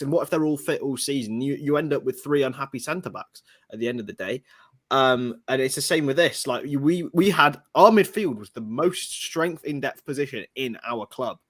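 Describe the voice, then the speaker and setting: A man speaking as a football podcast panelist in casual chat, arguing his case with restarts and quick jokes. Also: medium pitch, no echo, clean studio sound. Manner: quick to joke, argues with restarts.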